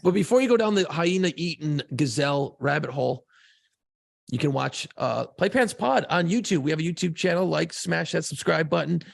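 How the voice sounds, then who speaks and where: A man co-hosting a podcast, telling a profane, excitable story in casual chat. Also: on the high side, a little fast, dry recording. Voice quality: gravelly, husky voice. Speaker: podcast co-host.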